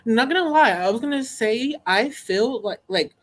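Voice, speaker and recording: Blunt, animated reality TV co-host. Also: medium pitch, normal speed. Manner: blunt, opinionated, swears freely. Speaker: podcast co-host. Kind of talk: casual reality TV recap chat.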